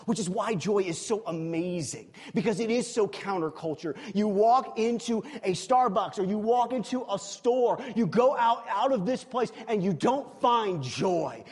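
High-voiced husky preacher man in a hall. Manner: emphatic, swings from loud exclamations to quiet asides. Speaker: pastor. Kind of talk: sermon. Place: church sanctuary. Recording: long reverb of a large hall.

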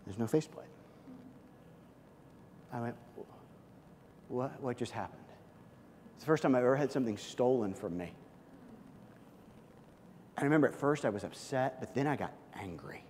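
A middle-aged man preaching a sermon, telling stories and joking with the congregation. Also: medium pitch. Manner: storytelling, animated, jokes with the congregation. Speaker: pastor. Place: church hall. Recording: long hall reverb, faint room noise.

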